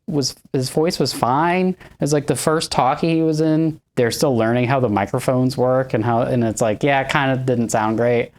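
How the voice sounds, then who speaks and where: A man's voice: mid-range voice, fairly even intonation, normal speed, hardly any pauses, a little mellow. A man co-hosts a casual film-review podcast. He chats loosely about a movie and breaks into silly voices when he acts out quotes. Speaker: podcast co-host.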